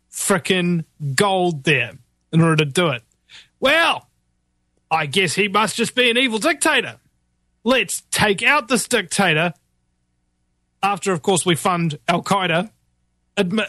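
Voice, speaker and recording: A man rants through sarcastic political commentary, mocking and animated, often breaking into laughter at his own jokes. His voice sits a little high for a man. The recording is dry and close, with no room sound. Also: dry recording.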